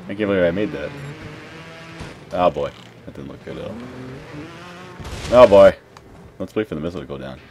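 A young man giving live gameplay commentary, excitable, swearing and yelping at crashes. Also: low-pitched, normal speed, pauses often, music in the background. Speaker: gaming commentator.

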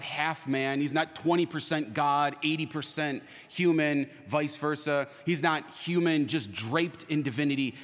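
A man preaching a sermon as a priest, impassioned and building to loud peaks. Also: mid-range voice. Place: church. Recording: long reverb of a church hall.

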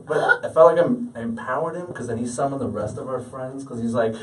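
A man's voice: mid-range voice, fast, hardly any pauses, a bit bright. A man in his late thirties doing a stand-up comedy set, self-deprecating and punchy. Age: 30s. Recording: stage audio from a distant mic.

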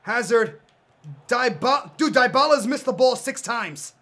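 A young man commentating his own video game match, getting excitable and yelling at the screen, then chatting casually to viewers. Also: extremely high pitch, measured pace, a little hiss or hum. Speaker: gaming YouTuber. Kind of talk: live gameplay commentary.

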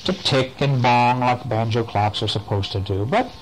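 A man reading a bedtime story aloud to a child, gentle and playful, stopping to point at the pictures and ask questions. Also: mid-range voice, moderate pace, slight background noise, low-quality recording.

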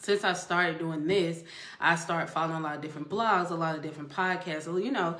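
A woman hosting a casual live-stream chat, relaxed and quick to laugh, chatting as she reads viewer comments. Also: sits low. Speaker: host. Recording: echoey room.

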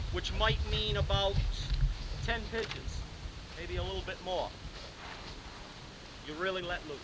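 A man, a pitching coach, lecturing young players at a camp, checking in with "okay?" and calling them "guys". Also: unhurried, pauses often. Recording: loud hiss on an old 1980s lecture tape.

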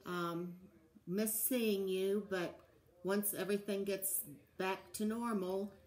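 A woman recording a gentle birthday greeting for a friend. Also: mid-range voice, fairly even intonation, takes it slowly, rough recording. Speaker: friend giving birthday wishes.

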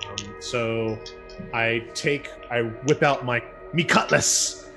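A man's voice: medium pitch, fairly even intonation, takes it slowly, over music. A man speaking as a player in a tabletop game, hesitant and full of fillers as he describes his actions. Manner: hesitant, many ums and uhs. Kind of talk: casual tabletop play.

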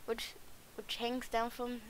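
A woman's voice: on the high side, monotone, slow, rough recording. Puss, a woman reading as a suave cat. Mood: boastful. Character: suave swashbuckling male cat.

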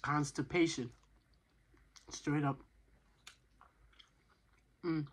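Husky-voiced woman chatting over a meal. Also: deep voice, fairly even intonation, extremely slow. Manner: chatty, talks between bites with frequent "you know". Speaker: mukbang vlogger. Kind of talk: casual chat while eating.

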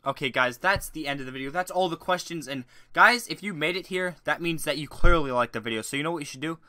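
Fast and with hardly any pauses, this young man's fairly high voice tears through a crude, rambling joke Q&A as a YouTuber. He swings from shouting rants to mumbles, and there's no echo on the track.

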